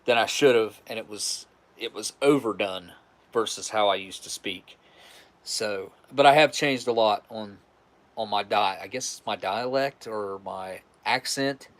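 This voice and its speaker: A man's voice: fairly low pitch, fairly bright tone. A man from West Virginia with a West Virginian accent, chatting casually and rambling with restarts on a live stream. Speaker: livestream host.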